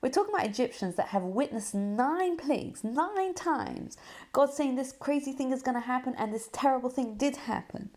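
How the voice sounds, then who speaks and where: A woman hosting a podcast, giving a Torah lesson as a story, full of rhetorical questions and soft dips for emphasis. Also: high voice, animated, normal speed. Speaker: podcast host and Torah teacher.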